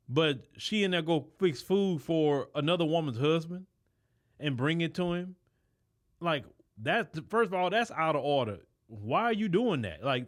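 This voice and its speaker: A man hosting a show and reacting to a story with blunt, opinionated commentary full of rhetorical questions. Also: fairly high pitch. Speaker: show host giving commentary.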